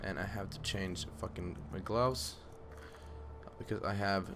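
A young man giving live gameplay commentary, swearing constantly and jumping from low muttering to loud outbursts at enemies. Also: measured pace. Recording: loud game music behind the voice. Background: loud game music.

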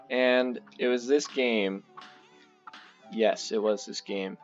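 An excitable man chatting his way through a video game with lots of fillers. His mic sounds a little dull. Faint game music plays behind him. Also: fairly low pitch. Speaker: gaming channel host. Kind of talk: casual let's play commentary.

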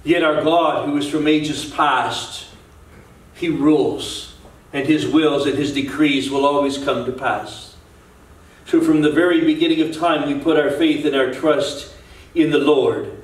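A man's voice: on the high side, steady tone, measured pace, recorded from a distance. A male pastor preaching an earnest sermon, repeating and restarting phrases as he builds his points. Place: church sanctuary. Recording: echoey church, voice from off-mic.

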